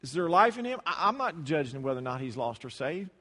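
A man's voice: on the high side, sing-song, quick pace, bright, forceful tone, long reverb tail. A man preaching a sermon in church, talking in a loose, conversational way, often repeating words and acting out the people in his stories. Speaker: pastor. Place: church hall.

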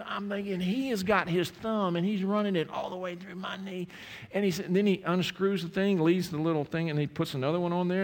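Male pastor, sermon delivery with lively storytelling and prayer, voice in a big reverberant hall. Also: a little high. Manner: storytelling, rising to animated emphasis.

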